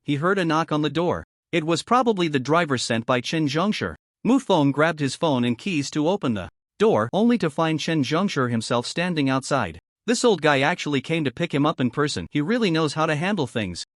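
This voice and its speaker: A man narrating a story recap in a lively, expressive scripted reading. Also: fairly high pitch, no echo, studio quality.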